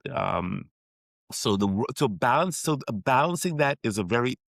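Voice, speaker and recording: A man's voice: medium pitch, big pitch swings, moderate pace, gravelly, fairly bright tone, no echo. A middle-aged man from Trinidad and Tobago, a sports psychiatrist giving a podcast interview, who speaks reflectively with frequent restarts.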